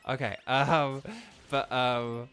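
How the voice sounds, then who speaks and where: A man live-streaming a game, chatting loosely with his viewers, full of ums and quick laughs. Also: mid-range voice, level tone, fairly bright tone, faint music behind. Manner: rambling, lots of ums and laughs, answers chat. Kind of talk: casual live-stream chat.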